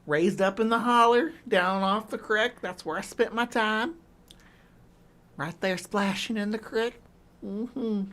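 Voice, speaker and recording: A woman's voice: medium pitch, takes it slowly, a bit bright, voice pushed up. A woman voicing a backwoods country girl with a put-on American Southern accent, talking in a playful drawl.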